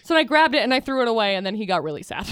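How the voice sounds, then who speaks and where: A woman with a high, bright voice chats casually as a radio co-host. She tells her story in an animated way and acts out the voices of the people and pets in it. The sound is dry and close, with no room around her. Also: quick pace, clear, resonant tone, no room sound. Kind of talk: casual after-show chat.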